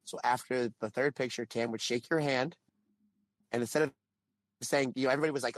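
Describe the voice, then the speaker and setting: A married man co-hosting a podcast, telling a long anecdote in casual chat and acting out the quotes with animated swings in voice. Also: mid-range voice, fairly quick, pauses often, no room sound. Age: adult, married. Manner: animated storytelling with acted-out quotes. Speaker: podcast co-host.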